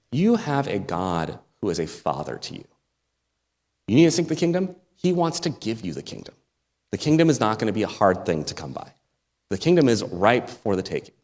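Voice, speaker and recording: An American man giving a sermon as a guest preacher, talking it through in a relaxed, conversational way with asides and small laughs. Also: fairly low pitch. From United States. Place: church sanctuary. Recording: long hall reverb.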